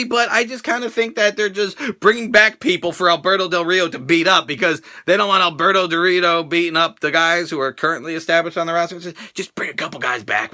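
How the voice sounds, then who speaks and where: A man's voice: high-pitched, sharp tone. A man ranting in a profane, sarcastic reaction vlog about a wrestling show.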